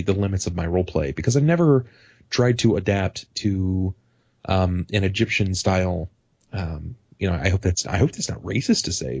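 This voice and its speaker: A man on a casual podcast, talking at length about the tabletop games he runs as game master, animated and rambling. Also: deep voice, no echo, dull audio.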